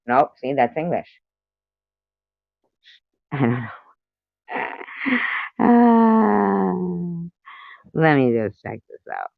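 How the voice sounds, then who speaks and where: A woman's voice: sits low, big pitch swings, very slow, creaky, pauses often, darkish tone, no room sound, highs cut off. A woman hosting a casual livestream who teases her viewers and reads their messages aloud. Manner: playful, teasing, answers chat messages aloud; tries out joke accents. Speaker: livestream host.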